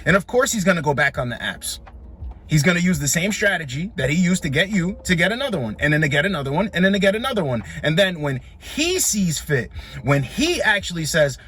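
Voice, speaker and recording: A man's voice: on the high side, lively intonation, brisk, pushed and bright, slightly rough. A man giving blunt, dismissive reaction commentary on dating clips, lecturing his listeners and calling them bro.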